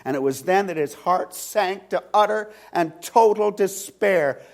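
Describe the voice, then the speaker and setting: In a church sanctuary, a male pastor with a high voice preaches a sermon. He retells a story slowly, swinging dramatically between loud and hushed.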